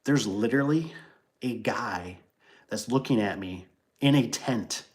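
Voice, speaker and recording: A man with a slightly low voice chats casually on a livestream about his garage door trade. He wanders through stories and asides, full of "you know" and "like" and false starts. Now and then he stops to read viewer comments aloud and riff on them. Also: measured pace. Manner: rambling, loose, with many fillers and restarts. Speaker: garage door business owner hosting a livestream. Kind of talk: casual livestream chat and storytelling.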